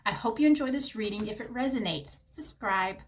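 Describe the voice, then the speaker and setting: A woman's voice: fairly high pitch, a little fast. A woman giving a tarot reading to her viewers, gushing and affectionate, calling the listener honey and baby. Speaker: tarot reader.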